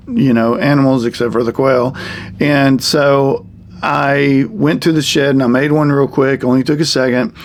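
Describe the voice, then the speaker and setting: Gravelly, rambling wilderness teacher. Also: male voice, on the high side. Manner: rambling, folksy, many fillers. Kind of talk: casual how-to demonstration for kids.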